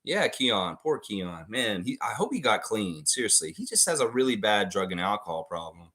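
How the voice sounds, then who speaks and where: A man hosting a live trivia stream in a casual, excitable way, reading out chat names and answers. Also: on the low side, moderate pace. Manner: excitable, breaks into loud whoops and laughs, reads chat names.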